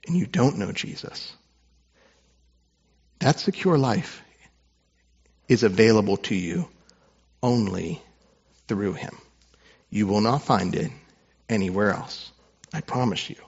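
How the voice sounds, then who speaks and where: A man preaching a sermon as pastor, earnest, moving between hushed, tender passages and fervent ones. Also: lowish voice, breathy edge, dull audio.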